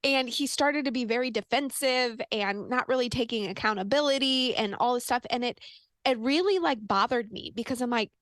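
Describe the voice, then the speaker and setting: A middle-aged woman hosting a podcast, talking in an earnest, animated way and telling stories casually. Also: a little high, moderate pace, dry recording. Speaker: podcast host.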